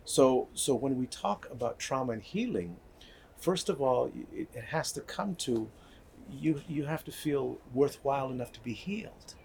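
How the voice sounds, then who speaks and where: Older man, gravelly voice, earnest storytelling, repeats himself, faint background hum. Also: medium pitch, animated, normal speed, darkish tone. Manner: earnest, repeats words, asks "right?" often. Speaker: guest speaker on healing. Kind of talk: conversational storytelling.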